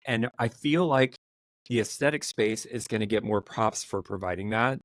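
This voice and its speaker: A man's voice: fairly low pitch, moderate pace, dry recording. A man hosting a podcast, chatting casually and animatedly in long run-on thoughts. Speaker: podcast host. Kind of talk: casual chat.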